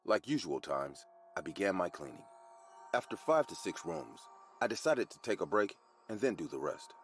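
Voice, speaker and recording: A man telling a first-person horror story as scripted, expressive narration. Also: low-pitched, slight background noise.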